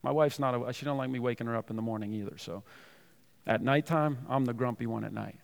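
A man preaching a sermon, reading scripture loudly and then dropping to soft, tender tones to make a point. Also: medium pitch, fast, vocal fry. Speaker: pastor.

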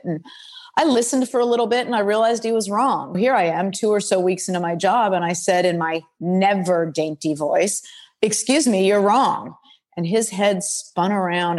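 A woman's voice: on the low side, darkish tone. An older woman speaking bluntly and frankly as an interview guest, recounting her career in a forthright storytelling manner. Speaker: guest, former football executive. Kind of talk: interview conversation.

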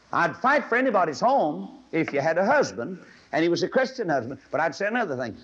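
A man delivers a fervent, homespun sermon to a live congregation. His everyday-pitched voice swells into emphatic pleading on the key lines. The sound is muffled and lo-fi, like a vintage radio broadcast. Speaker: radio preacher. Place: live sermon before an audience. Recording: dull lo-fi old radio broadcast.

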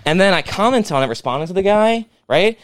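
A young man co-hosting a profane comedy podcast, launching into animated mock-angry rants. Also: high-pitched, quick pace. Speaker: podcast co-host.

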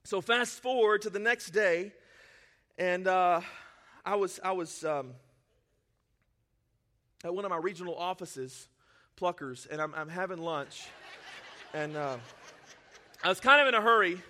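A male pastor preaching a sermon, emotional and self-deprecating, swinging from quiet confiding to near-shouting. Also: high-pitched, measured pace, long pauses. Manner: self-deprecating, laughs at himself.

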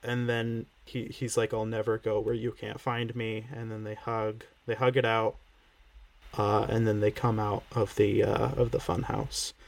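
A man's voice: on the low side, little pitch movement, unhurried, creaky. Laughing, sarcastic man recapping a show. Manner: laughs often, playful sarcasm. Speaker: podcast co-host. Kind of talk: casual episode recap chat.

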